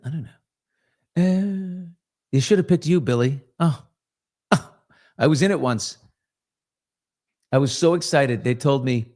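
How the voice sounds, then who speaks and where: A middle-aged man hosting a casual live morning talk show, blunt and sarcastic, now and then mimicking other voices. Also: on the high side. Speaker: host.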